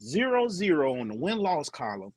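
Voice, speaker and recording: A man co-hosting a casual sports podcast, talking in slangy, animated banter and mimicking the people he quotes. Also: on the high side, moderate pace, very noisy. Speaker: podcast co-host.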